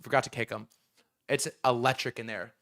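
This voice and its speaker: A man hosting a casual livestream from outdoors, excitable and profane, rambling with many restarts. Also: medium pitch, a little fast. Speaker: livestream host. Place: outdoors in New York City.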